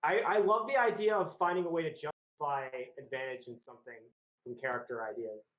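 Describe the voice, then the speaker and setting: Player with a higher voice in an echoey room. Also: male voice, fairly quick, fairly bright tone, muffled recording. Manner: describes his character's actions in third person. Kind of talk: playing a character in a tabletop game.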